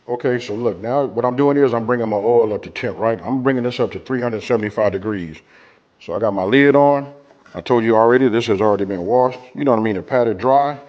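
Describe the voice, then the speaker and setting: A cooking show host runs a casual demonstration, speaking directly to viewers in a laid-back, colloquial style and checking in with them often. His voice is on the low side and a little mellow, and the recording sounds muffled.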